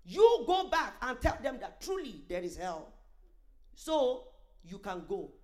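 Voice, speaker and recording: A woman voicing a stern male divine judge, slow and solemn as he scolds a sinner. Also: a little high, big pitch swings.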